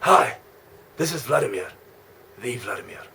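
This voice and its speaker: A man's voice: medium pitch, very animated, normal speed, creaky, sharp tone, slight background noise, full character voice. A man putting on a bossy Russian strongman. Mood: suspicious. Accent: Russian, put on. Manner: broken English, bossy. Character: gruff Russian strongman on the phone, demanding.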